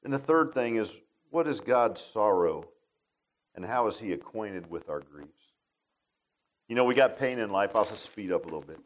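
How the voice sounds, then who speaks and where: Folksy preacher telling a story. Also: male voice, lowish voice, animated, normal speed, low-quality recording. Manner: folksy storytelling, swings from loud to hushed. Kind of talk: sermon.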